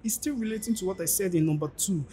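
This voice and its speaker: A man's voice: high voice, fast, dark tone, slight background noise. A man giving informal career advice, emphatic and pleading, repeating his key points. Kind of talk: informal teaching monologue.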